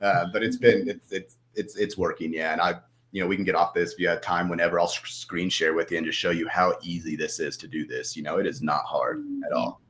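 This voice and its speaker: A man's voice: low voice, fairly even intonation, brisk, hardly any pauses, fairly bright tone. A man talking casually as a podcast guest, rambling and acting out his own inner voice.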